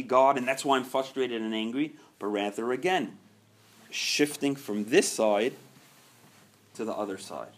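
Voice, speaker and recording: A man leading a recovery group meeting, talking earnestly and swinging from soft, quiet stretches to loud, emphatic ones. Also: mid-range voice, animated, measured pace.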